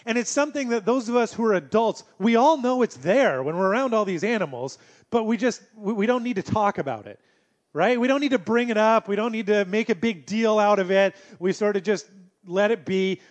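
A male pastor delivering a sermon in a conversational, storytelling way with gentle humor. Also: high voice, animated, brisk.

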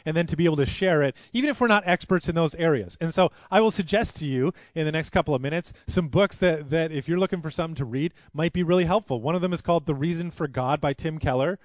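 A man's voice: on the high side, dry recording. A man preaching a sermon as pastor, earnest and conversational, with frequent restarts.

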